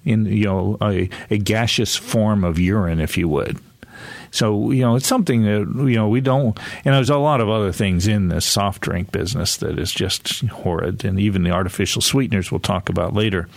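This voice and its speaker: A man's voice: on the low side, moderate pace, gravelly, no room sound. A man in his sixties, an author telling a casual, rambling story with frequent chuckles and restarts. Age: 60s. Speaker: author and guest speaker.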